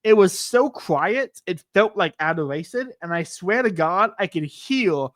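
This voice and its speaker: A man who hosts a podcast, telling stories in a casual, excitable and rambling way, often restarting his sentences. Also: high voice, unhurried, no room sound, studio quality. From United States. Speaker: podcast host. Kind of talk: casual storytelling chat.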